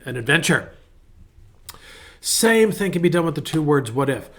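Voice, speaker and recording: Gravelly rambling pastor, man. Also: on the high side, lively intonation, normal speed. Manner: rambling, folksy, self-interrupting. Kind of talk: casual devotional talk.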